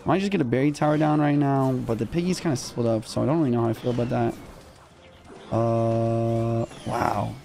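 A young man commentating his own live gameplay in casual slang, excitable and quick to yelp when rattled. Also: medium pitch, gravelly. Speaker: gaming streamer. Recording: music underneath.

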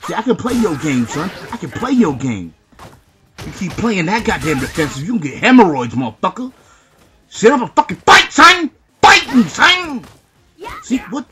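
A man giving live fighting-game commentary, boasting and trash-talking the opponent with heavy profanity, often shouting. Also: high voice, wildly swooping pitch, normal speed, background noise. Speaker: gameplay commentator.

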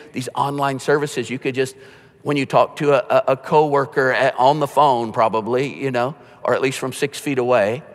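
Pastor preaching in a reverberant hall. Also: male voice, mid-range voice. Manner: conversational, with joking asides and quiet emotional storytelling. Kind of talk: sermon.

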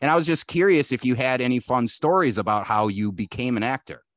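A man hosting a podcast interview, asking questions in a relaxed, encouraging way. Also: medium pitch, brisk, no room sound. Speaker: podcast host. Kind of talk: casual interview.

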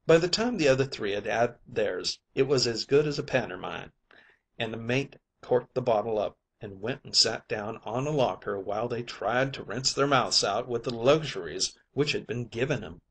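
A man's voice: mid-range voice, expressive, moderate pace, a bit bright, husky. A man narrating a short story audiobook in a colloquial, yarn-spinning manner. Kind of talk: scripted narration.

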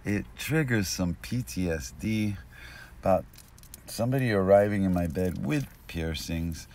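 A man telling a rambling joke outdoors on a street, losing his thread and swinging between mutters and bursts of loudness, recorded binaurally. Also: deep voice. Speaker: street storyteller.

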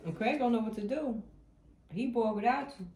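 Blunt, animated woman tarot reader. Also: a little high, moderate pace. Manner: animated, blunt, swears freely, talks straight to viewers. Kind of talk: tarot reading vlog. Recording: echoey room with faint noise.

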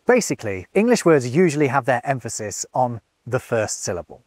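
A man narrates a scripted explainer with plenty of enthusiasm, his pitch rising and falling in a lively way. The recording is close and dry, with no room sound. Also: a little fast, no room sound. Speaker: host.

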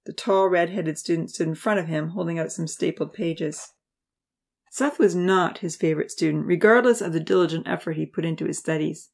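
A woman narrating an audiobook in steady storytelling style. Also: lowish voice, fairly quick, creaky.

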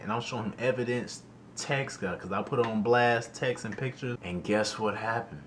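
A young man telling a storytime vlog in an animated, slangy way, often exclaiming in disbelief. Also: medium pitch, brisk, slight background noise. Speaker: YouTuber.

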